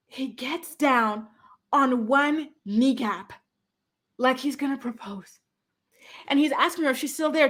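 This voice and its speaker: A woman's voice: high-pitched, a little slow, a bit bright. Lady doing a tv recap vlog, super chatty, acts out everyone's lines, lots of "like". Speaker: reality TV recap host. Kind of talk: casual recap talk to camera.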